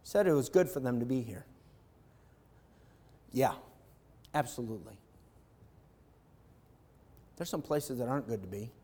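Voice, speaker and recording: A male pastor preaching an animated sermon, swinging from quiet reflection to loud excitement. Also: medium pitch, breathy edge.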